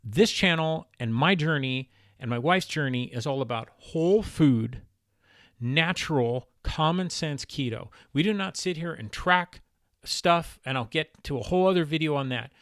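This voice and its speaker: A man's voice: fairly high pitch, expressive, normal speed, fairly bright tone, no room sound, clean studio sound. A man talking in a casual instructional vlog about diet, emphatic, exasperated and blunt. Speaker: keto diet vlogger.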